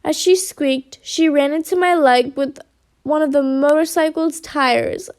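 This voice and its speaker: A woman reading a children's storybook aloud with lively expression. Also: high voice, a little slow.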